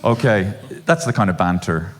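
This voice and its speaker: An Irish man hosting a live comedy podcast before an audience, with loud, sweary, sardonic banter. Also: deep voice, lively intonation, normal speed.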